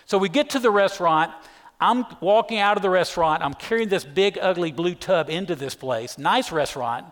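Middle-aged pastor with a slightly high voice. He preaches emphatically in an echoey church hall. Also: moderate pace. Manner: emphatic storyteller, keeps saying "listen". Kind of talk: sermon with a personal story. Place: church sanctuary.

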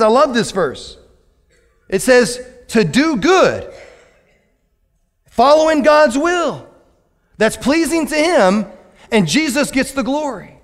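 A man preaching a lively, joking sermon as a pastor to his church, with sudden loud outbursts. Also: high voice. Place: church sanctuary. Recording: long hall reverb.

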